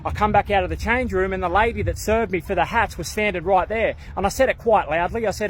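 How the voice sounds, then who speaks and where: A man's voice: high voice, fast, hardly any pauses, slight background noise. A young man telling a story in a blunt, slangy way, swearing freely. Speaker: vlogger. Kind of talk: casual storytelling rant.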